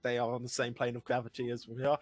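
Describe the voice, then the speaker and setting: A man's voice: medium pitch, flat delivery, quick pace, no room sound. A man playing a tabletop game, joking and rambling with lots of filler. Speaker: player. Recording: crowd chatter behind.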